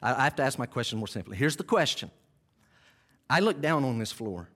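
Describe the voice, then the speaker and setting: He preaches briskly and with great animation, his medium-pitched voice fairly bright. As pastor in a church sanctuary, he repeats key phrases for emphasis and makes self-deprecating, chatty asides to his congregation.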